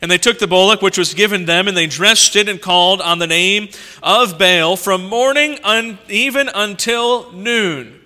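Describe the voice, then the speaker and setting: A male preacher reading scripture aloud and commenting on it in an animated sermon, swinging between loud emphasis and quiet asides. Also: high voice, unhurried. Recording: long reverb from a large hall.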